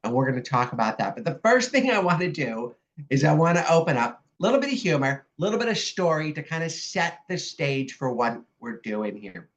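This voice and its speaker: A woman life coach giving an upbeat, animated online workshop presentation over a video call. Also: sits low, brisk. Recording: dull lo-fi video call audio.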